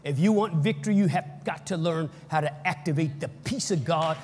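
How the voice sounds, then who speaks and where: A man preaching a sermon as pastor, energetic and leading the congregation in call-and-response. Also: high voice, moderate pace, few pauses, a crowd in the background, background noise. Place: church hall. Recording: echoey church hall.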